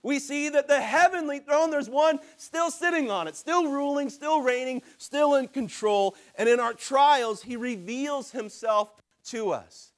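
A man preaching a sermon as a pastor, swinging from loud, driving lines to hushed ones and acting out the voices of people in his stories. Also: very high voice, measured pace, few pauses. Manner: acts out quoted voices in his telling.

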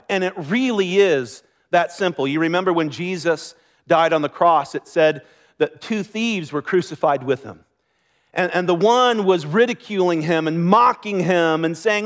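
A man's voice: a little high, animated, measured pace, fairly bright tone. A man preaching a sermon as pastor, earnest and conversational, with light laughter.

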